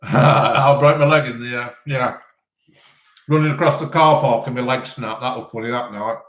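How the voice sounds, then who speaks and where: A man's voice: mid-range voice, normal speed, fairly bright tone. Chatty man, roomy sound. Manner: chatty, rambling, lots of ums. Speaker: live-stream host answering chat. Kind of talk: casual live chat while eating. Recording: roomy echo.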